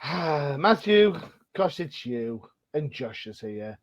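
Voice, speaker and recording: A man's voice: fairly high pitch, sing-song, takes it slowly, muffled recording. A man hosting a casual comic-book podcast, rambling and chatty with plenty of restarts. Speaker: podcast host.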